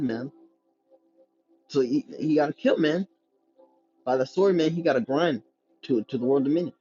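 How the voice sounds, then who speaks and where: A man's voice: on the high side, normal speed, long pauses, dark tone, dull audio, faint music behind. A man reading scripture aloud with stumbles and restarts, then breaking into slangy street-style commentary as a preacher. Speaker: scripture teacher.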